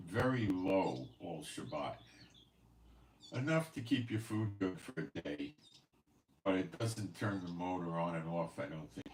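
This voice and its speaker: A man's voice: low voice, darkish tone. A man hosting his own channel, talking casually to viewers in a rambling, conversational way full of fillers and asides, recorded at home. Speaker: channel host. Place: at home in Israel. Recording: roomy echo, voice from a distance, faint background hiss.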